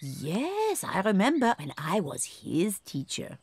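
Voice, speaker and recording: A kindly gazelle schoolteacher. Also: female voice, medium pitch, wildly swooping pitch, slow, a little hiss or hum, full character voice. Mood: fond. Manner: gentle, fond, lilting. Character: kindly, old-fashioned female gazelle schoolteacher. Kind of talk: cartoon voice acting. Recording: music under the voice.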